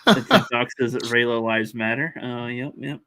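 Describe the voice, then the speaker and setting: A man's voice: medium pitch, fairly even intonation, moderate pace, sharp tone, smooth. A man co-hosting a casual livestream, rambling and chuckling between his remarks.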